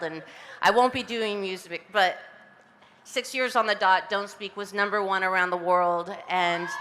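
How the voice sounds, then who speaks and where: Woman in her fifties, gushing acceptance speech, bright forceful tone, PA echo ringing across an outdoor street. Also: medium pitch. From Southern California. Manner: breathless, giggly, gushing with frequent laughs. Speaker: honoree giving acceptance speech. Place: outdoor ceremony on a public street.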